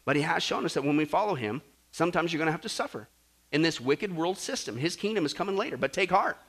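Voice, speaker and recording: A man preaching a sermon, animated and jokey, acting out stories and swinging between loud and soft. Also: on the high side, fast talker. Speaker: pastor.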